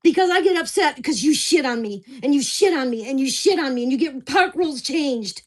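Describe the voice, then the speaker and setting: A woman's voice: high voice, animated, brisk. An older woman venting angrily and profanely in a casual vlog rant. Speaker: vlogger.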